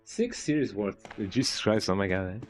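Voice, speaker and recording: A man streaming a game and chatting as he plays, in a casual, rambling way, with a pitch that swings up and down. He keeps stopping to restart a sentence and ends many of them with a questioning "eh?", while soft music plays in the background. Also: very animated, moderate pace. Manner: rambling, frequent "eh?" tag and restarts. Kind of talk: casual gameplay commentary.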